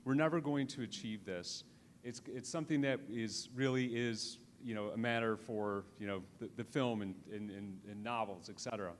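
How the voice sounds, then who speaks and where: A man's voice: fairly low pitch, steady tone, normal speed, few pauses. A man giving a live conference lecture in a conversational way, with frequent restarts and "right?" tag questions. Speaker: conference speaker. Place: conference hall. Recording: reverberant hall with faint noise.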